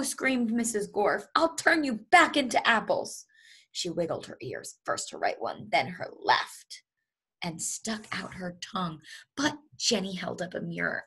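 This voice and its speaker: Brief: woman teacher, children's read-aloud, breathy and expressive. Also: on the low side. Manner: lively and expressive, with chuckles. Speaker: teacher reading to her students.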